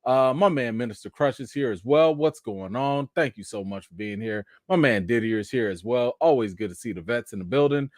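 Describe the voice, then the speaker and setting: Brief: man, 30s to 40s, casual live-stream host, mid pitch, dry close sound. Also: fairly quick, few pauses, no room sound. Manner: laid-back, chatty, greets viewers by name.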